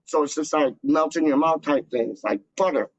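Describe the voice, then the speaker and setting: Man, slightly high voice, rambling casual chat, slangy fillers, dull dry lo-fi recording. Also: brisk, no echo. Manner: slangy, loose, full of "like" and "dog" fillers. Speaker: fan channel host.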